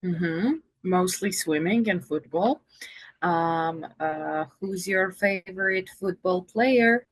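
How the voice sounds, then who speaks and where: A woman's voice: fairly low pitch, takes it slowly, dry recording. A woman teaching English in a video-call conversation lesson, patient and encouraging.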